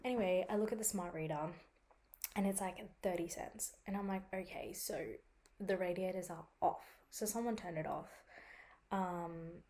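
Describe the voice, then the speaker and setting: A woman's voice: on the low side, moderate pace, dark tone. Young woman chatting casually with a sore throat. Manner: chatty, frequent "like" and swearing, dramatizes her own reactions. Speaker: vlogger. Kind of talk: casual vlog chat.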